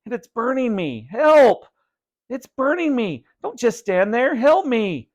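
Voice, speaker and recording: A panicked young boy, as a man plays him, shrieking and wailing for help. The voice sits high and loud, frantic in every word. A storybook reading of a spooky tale. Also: sing-song, slow pace, no echo, dull audio, exaggerated voice.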